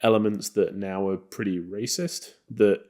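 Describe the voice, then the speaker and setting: On a film podcast, a male co-host chats casually about old movies in a fairly low, slightly slow voice. He's relaxed and rambling, with plenty of fillers.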